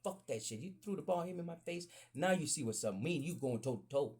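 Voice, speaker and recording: A man hosting a podcast, telling a profane, animated story in casual talk that jumps up high when he gets excited. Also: fast, slightly rough. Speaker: podcast host.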